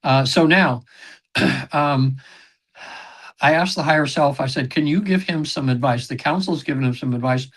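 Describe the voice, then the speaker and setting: A man's voice: fairly high pitch, normal speed, long pauses, a bit bright. Rambling man telling session stories. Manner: rambling, frequent fillers and throat clearing, acts out quotes. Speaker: podcast guest, regression session facilitator. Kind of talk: casual interview storytelling.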